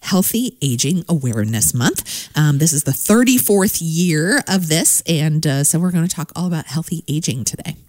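A woman's voice: low voice, animated, moderate pace, hardly any pauses, darkish tone, no echo. A woman co-hosting a community radio show in casual chat, upbeat and chatty, often trailing off with fillers. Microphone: studio microphone.

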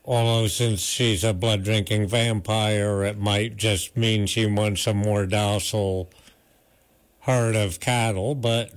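Guy cohost, talks real slow, smooth clean voice, dry jokes. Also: on the low side, fairly even intonation. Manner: dry, measured, wisecracking interjections. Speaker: podcast co-host. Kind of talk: casual chat.

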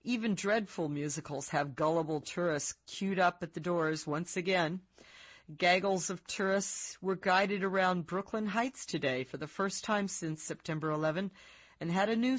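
A woman, an author, reading her own book aloud in a measured, reflective way. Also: on the low side, no echo.

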